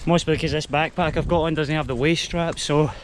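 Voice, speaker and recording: Brisk and steady in tone, this fairly high-pitched hiking vlogger chats to the camera while heading up a mountain path, with slight hiss or hum present. He speaks with a Scottish accent; English is his first language and his Spanish link is heritage.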